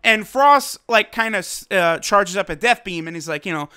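A man giving a casual, excitable episode review, full of slang and fillers. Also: high voice, moderate pace, hardly any pauses, smooth. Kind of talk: casual commentary.

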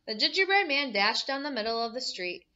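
Bright animated woman reading to kids. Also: on the high side, fairly quick, highs cut off, slight background noise. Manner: animated, asks the listeners questions. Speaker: teacher. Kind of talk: reading a picture book aloud to children.

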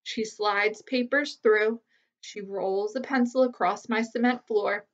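A woman reading a children's novel aloud as a teacher, with steady, clear storytelling. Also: medium pitch, slow pace, far from the mic. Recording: slightly muffled lo-fi recording.

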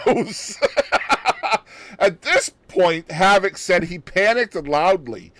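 This podcast co-host has a fairly high, fairly bright voice, recorded with no echo. He reads out a news item in a relaxed, chatty way, cracking jokes and laughing frequently.

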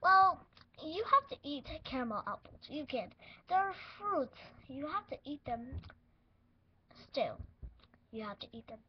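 A woman voicing a goofy male duck doctor in a toy role-play, speaking loudly and slowly in a showy way. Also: sits high, sing-song, lo-fi sound, a little hiss or hum. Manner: loud, slow, showy bedside talk.

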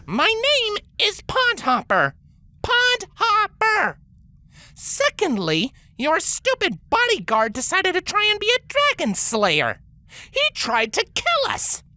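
A fierce young female dragon hatchling, voiced by a man, snaps at everyone in a squeaky, piercing audiobook voice. Her pitch leaps wildly from word to word. The sound is dry and close. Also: huge pitch swings, slow, bright, forceful tone, dry recording, full character voice. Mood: indignant. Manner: indignant, snapping. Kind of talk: audiobook character voice.

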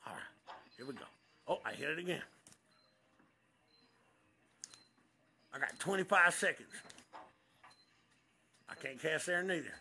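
Brief: man playing a brash bass-fishing good ol' boy for a comic vlog; high, bright, gravelly drawl, outdoors on a handheld camera. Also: normal speed. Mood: hushed. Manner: whooping, boastful, drawling country talk. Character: loud excitable country bass fisherman man. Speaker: angler showing his catches. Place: outdoors by the water.

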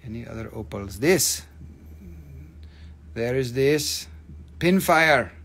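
A man hosting a live rock sale on his phone, excitable, with broken non-native English phrasing. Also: mid-range voice, slow pace, breathy edge. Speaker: online rock and mineral seller. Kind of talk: live sales stream.

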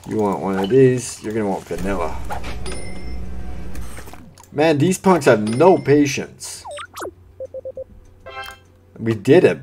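A man's voice: fairly low pitch, darkish tone, slight background noise. A man giving live commentary on a cooking game, talking to the customers, getting frantic and swearing under pressure. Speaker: gameplay streamer. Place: home gaming setup. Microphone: desk microphone.

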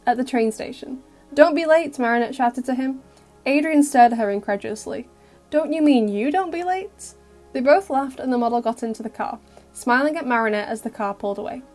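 Gentle woman narrating a fan story. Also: a little high. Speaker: audio fic narrator. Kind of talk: scripted narration.

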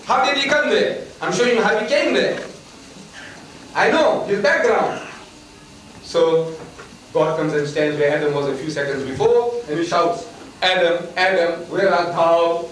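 Older male lecturer with a raised pitch, animated and rhetorical, recorded far off in a reverberant hall with faint hiss. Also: moderate pace, pauses often. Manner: animated, rhetorical, mocking tone with laughter. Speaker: lecturer on religion. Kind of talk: public lecture to students. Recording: echoey hall heard from afar with faint noise.

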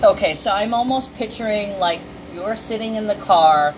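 A woman giving a casual, emotional tarot card reading, chatty and quick to swear. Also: medium pitch, background noise.

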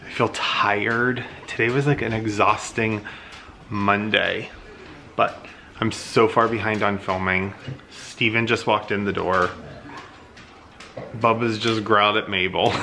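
A low-voiced man talking straight to camera in a casual home vlog. He rambles in a chatty way, dropping "like" often, with a faint hum of room noise behind him. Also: steady tone, slow, pauses often, pushed and bright. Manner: chatty, fills talk with "like". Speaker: vlog host.

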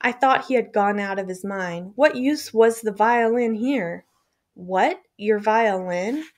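A woman reading a memoir aloud in a measured, somber way. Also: on the high side, a little mellow. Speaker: audiobook reader.

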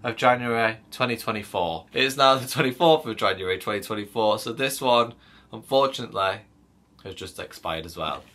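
A man's voice: fairly low pitch, fairly quick, a bit bright. A man chats casually to the camera in a wry tone while he sorts through old things. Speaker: vlogger.

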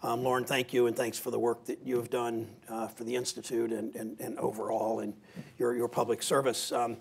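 A man with a raspy, gravelly voice giving a folksy, self-deprecating speech with anecdotes to an audience in a meeting room, with a Midwestern American accent. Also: medium pitch, level tone, a little fast, a little hiss or hum. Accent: Ohio, Midwestern American. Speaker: senator giving a talk. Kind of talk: after-dinner style speech with anecdotes.

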